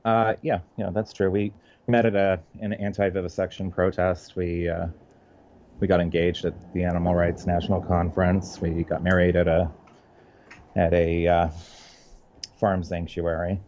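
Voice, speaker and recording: Deep-voiced man, mellow, halting. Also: little pitch movement, muffled recording, a little hiss or hum. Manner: halting, many restarts and fillers. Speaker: comic book writer guest. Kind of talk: casual interview chat.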